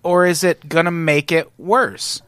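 A man's voice: a little high, fairly even intonation, unhurried, fairly bright tone, no room sound. A man in casual chat, thinking aloud in a searching way with hesitant restarts.

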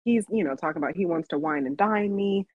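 A woman's voice: fairly low pitch, fast talker, dry recording. A woman co-hosting a podcast, telling a story in casual chat and laughing often. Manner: laughs often, animated when quoting herself. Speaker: podcast co-host. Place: Las Vegas. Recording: dull lo-fi dry recording.

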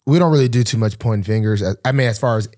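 A young man, a pro football player co-hosting a podcast, talking in a relaxed, rambling way with many fillers and restarts. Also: lowish voice, racing. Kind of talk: casual chat.

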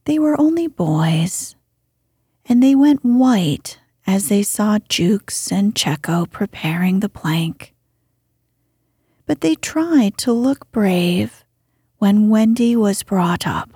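Slow breathy woman reading a story. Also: medium pitch, animated, dark tone, dry recording, clean studio sound. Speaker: reader.

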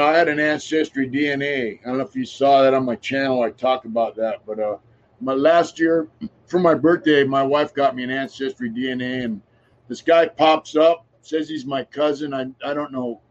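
A man's voice: medium pitch, moderate pace. Laid-back man telling a long story. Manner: laid-back, rambling, drops to a mutter at line ends. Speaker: podcast host telling his story. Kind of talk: casual storytelling chat. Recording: dull lo-fi sound.

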